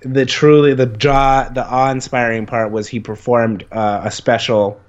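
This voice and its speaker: A man's voice: medium pitch, level tone, unhurried, lo-fi sound. A young man as an interview guest, telling stories in a rambling, eager way, full of fillers. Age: young adult. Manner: rambling, many "like" fillers, enthusiastic storytelling. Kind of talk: casual conversation.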